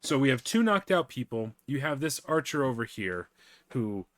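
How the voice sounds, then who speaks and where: A man's voice: mid-range voice, big pitch swings, normal speed, a bit bright. Man running a tabletop game. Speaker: game master.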